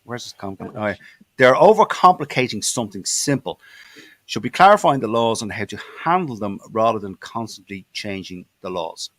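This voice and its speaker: An Irish man hosts a casual rugby chat, reading viewers' comments out loud and pausing often over fillers. His voice sits slightly low, and the sound is dry and close with no room around it. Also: lively intonation, no echo. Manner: halting, many fillers and restarts. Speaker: podcast host.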